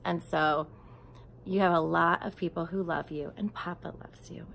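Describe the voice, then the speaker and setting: A woman reading a storybook aloud and then talking tenderly to her grieving nephews, often dropping into a soft whisper. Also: fairly low pitch, gravelly. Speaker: aunt speaking to grieving nephews.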